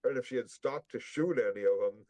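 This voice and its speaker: A man's voice: medium pitch, fairly quick, warm tone, no echo, poor audio. Blunt swearing man in a recap chat. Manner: rambling, heavy swearing, blunt. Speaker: podcast co-host.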